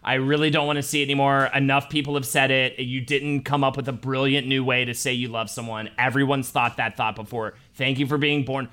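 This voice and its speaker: A man's voice: mid-range voice, level tone, a little fast, hardly any pauses, pushed and bright, clear, resonant tone. A man co-hosting a podcast, joking and ranting in casual chat. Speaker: podcast co-host.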